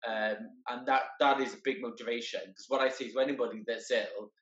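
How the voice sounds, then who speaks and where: A man talks in a middle-pitched voice, earnest and halting, doubling back over his words as he goes. He is heard over a video call, and the sound is roomy and a little dull and lo-fi. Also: fairly even intonation, a bit bright. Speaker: guest, wheelchair marathon entrant. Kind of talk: casual conversation.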